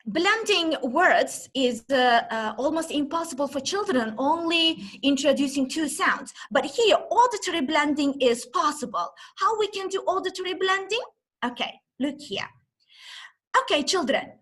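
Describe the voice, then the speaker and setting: A woman giving an online teaching demonstration, talking as if to a class of young children and sounding out letters slowly and with exaggeration. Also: high-pitched, animated, a bit bright. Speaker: teacher trainer. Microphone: video call.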